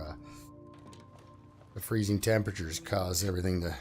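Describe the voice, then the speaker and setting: Low-voiced man rambling over gameplay. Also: measured pace, pauses often, a little mellow, soft background music. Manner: rambling, thinking aloud with fillers and restarts. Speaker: gameplay commentator. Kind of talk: casual let's-play commentary.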